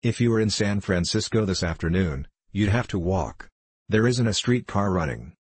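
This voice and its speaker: A man's voice: deep voice, animated, moderate pace, slightly rough, dry recording. A man reading the part of a confident male socialist, explaining his case patiently.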